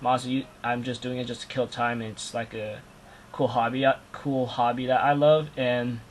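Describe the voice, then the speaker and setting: A man's voice: mid-range voice, level tone, moderate pace, slight background noise, poor audio. A man giving a casual, rambling anime review, full of fillers like "like, um" and slang.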